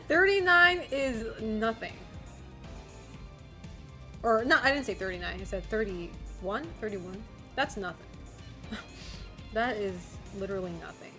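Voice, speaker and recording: A woman's voice: on the high side, sharp tone. A woman streaming live, chatting casually with her viewers, giggling often and swearing now and then. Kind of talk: casual livestream chat.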